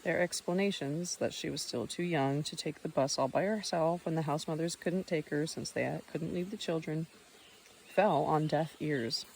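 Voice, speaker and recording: A woman narrating an audiobook in a steady reading voice, reading footnotes aloud and now and then restarting a word. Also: deep voice, normal speed, vocal fry, a little hiss or hum.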